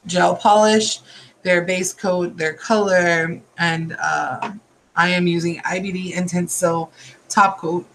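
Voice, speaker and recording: High-voiced tired man chatting through a tutorial. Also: fairly even intonation, slow, vocal fry, fairly bright tone, a little hiss or hum, poor audio. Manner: chatty, rambling asides while working. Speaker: nail art tutorial host. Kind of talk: casual step-by-step tutorial.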